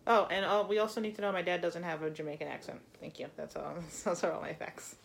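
A woman's voice: on the low side, quick pace, vocal fry. A young woman from Florida co-hosting a podcast, dry and self-mocking, laughing often in casual chat. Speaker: podcast co-host. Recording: faint background noise.

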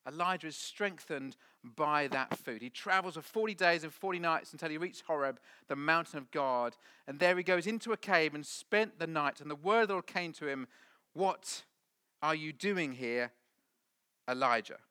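Bright-voiced preacher, dramatic delivery. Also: male voice, on the high side, brisk, hardly any pauses, clean tone. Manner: dramatic, swinging from loud to whispered. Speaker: pastor. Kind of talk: sermon. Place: church hall with audience.

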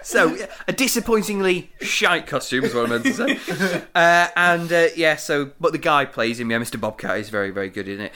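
A man hosting a casual chat, recapping a show episode with a lively storytelling manner. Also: on the high side, moderate pace, hardly any pauses. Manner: lively storytelling with frequent laughs. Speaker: podcast host recapping the episode.

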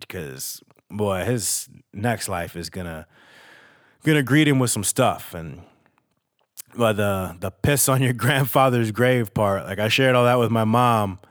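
Male podcast host, low voice, casual confessional monologue, profane and emotional. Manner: candid, rambling, swears freely; emotional and reflective.

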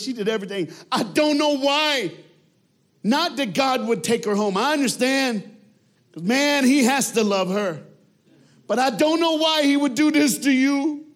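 A man voicing an overjoyed, forgiving grieving widower who talks in a high, loud, fervent way. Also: heavily acted.

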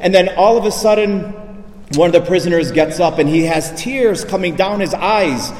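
A male priest delivering an emphatic sermon, dropping his voice low and soft on key lines. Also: moderate pace. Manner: emphatic preaching, drops low and soft for weight. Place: church. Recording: echoey church reverb.

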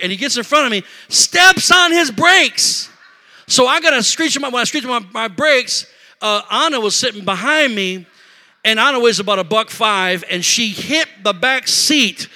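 A middle-aged man preaching a sermon in a church, telling a story in an animated, emotional way and talking straight to the congregation. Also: high voice. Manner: animated, emotional, talks to congregation with "y'all" and "amen". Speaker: pastor. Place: church sanctuary.

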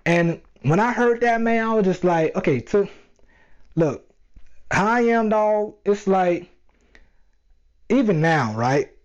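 A young man tells his story in a casual monologue, animated and full of slang as he talks straight to his listeners. His voice sits a little high. The recording sounds dull and lo-fi. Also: slow, long pauses. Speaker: vlogger.

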